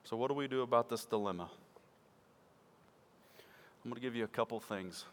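A man preaching a sermon to his church, swinging from loud emphatic peaks to quiet low asides. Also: brisk. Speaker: pastor. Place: church sanctuary. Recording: church hall with long reverb.

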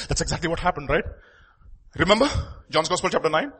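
A man preaching a sermon, moving between loud emphatic lines and quiet asides. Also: a little high, fast, slightly rough. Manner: animated, swings from loud emphatic lines to quiet asides, acts out quoted voices.

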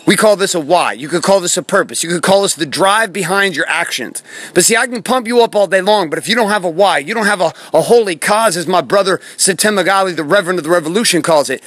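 Male motivational host, high and quick, punchy and preachy, swears to make a point. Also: a bit bright, no room sound. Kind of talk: motivational monologue. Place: outdoors in a forest. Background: birds and bees.

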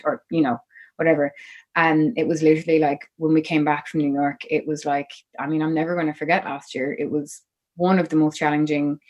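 A woman's voice: sits low, darkish tone. An Irish woman, a musician guest on an interview podcast, telling her story in a rambling, chatty way. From Ireland. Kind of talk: casual interview chat.

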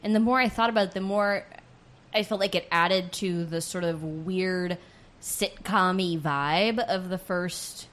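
A woman's voice: on the low side, a little slow, fairly bright tone. A woman in casual conversation, reflecting on a theater production in a thoughtful way. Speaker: theater reviewer.

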